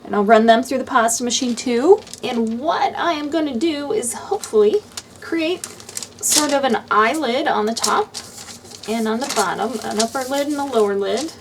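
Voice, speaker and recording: A woman's voice: fairly high pitch, moderate pace, noisy background. A woman hosting a craft channel, talking casually through each step of a do-it-yourself tutorial.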